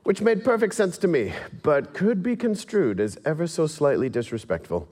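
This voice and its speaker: A man's voice: fairly high pitch, huge pitch swings, normal speed, dark tone. A man with a mixed English and American accent, giving a talk with slides, self-deprecating and wry, laughing now and then as he tells stories. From England. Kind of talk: presentation to an audience with slides.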